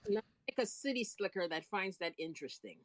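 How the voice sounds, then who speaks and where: A woman's voice: medium pitch, animated, fairly quick, dry recording. Woman co-host chiming in, dry close sound. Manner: chimes in with short reactions and laughs. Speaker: podcast co-host. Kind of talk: casual chat.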